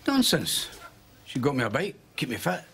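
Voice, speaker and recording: A man's voice: mid-range voice, huge pitch swings, normal speed, gravelly, fairly bright tone, slightly rough, heavily acted. An actor playing an old male pensioner who is prim and indignant, on a noisy sitcom soundtrack. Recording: sitcom soundtrack, heavy background noise.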